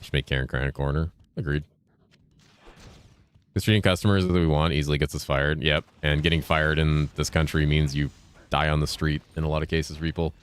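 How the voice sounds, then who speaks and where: Very deep-voiced laid-back man streaming. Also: steady tone, clear, resonant tone. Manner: laid-back, profane, reads and answers chat while playing; deliberately enunciated speaking voice, lifted inflection. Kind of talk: casual gaming livestream chat.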